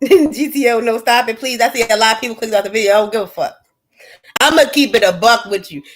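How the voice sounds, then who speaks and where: A woman, hosting a livestream and ranting bluntly and profanely to her chat, swinging between loud and low. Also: fast talker. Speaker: livestream host. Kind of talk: casual livestream rant.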